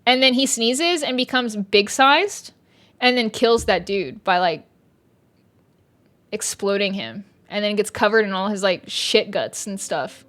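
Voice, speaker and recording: A woman's voice: mid-range voice, measured pace, fairly bright tone. A young woman, a streamer reviewing a book in casual chat, exasperated and sarcastic, swearing often. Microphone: streaming mic.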